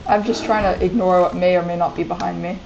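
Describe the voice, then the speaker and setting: A young woman streaming a fantasy game, chatting excitably and giggling to her viewers. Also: fairly low pitch, fast talker, creaky, muffled recording, noisy background. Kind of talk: casual gameplay commentary. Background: game music.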